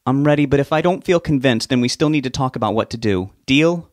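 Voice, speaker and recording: Reader's female part: a man doing a worried, sharp-tongued young woman in a dry booth. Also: medium pitch, fast talker, no room sound, pitched above the performer's own voice, lightly acted. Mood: pressing.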